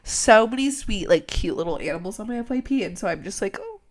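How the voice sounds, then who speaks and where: A young woman co-hosting a podcast in casual chat, gushing and animated, leaning on "like", with a slightly runny nose. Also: mid-range voice, fast. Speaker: podcast co-host.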